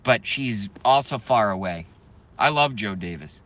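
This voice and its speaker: Casual streamer guy, bright clear tone, loose rambling delivery, jokes around with chat. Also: fairly low pitch, expressive, unhurried. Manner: rambling, joking, reads chat aloud. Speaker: live stream host.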